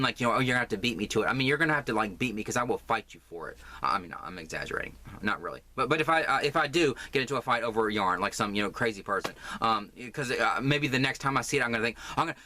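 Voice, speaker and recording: Rambling man with a bright, forceful voice. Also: mid-range voice. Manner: rambling, self-mocking, overdramatic. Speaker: crochet vlogger. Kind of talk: casual chat vlog.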